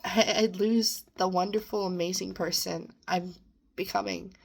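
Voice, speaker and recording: A woman's voice: mid-range voice, fairly even intonation, a little slow, creaky, breathy edge. Earnest woman in an emotional self-talk. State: near tears at times. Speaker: vlogger. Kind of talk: personal reflective monologue.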